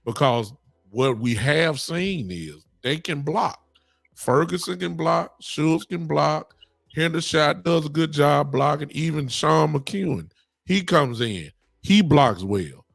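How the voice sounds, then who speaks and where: A man hosting a sports podcast, talking excitably and preaching to his listeners. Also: a little high, takes it slowly, creaky, dry recording, faint music behind. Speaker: podcast host. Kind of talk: animated sports talk.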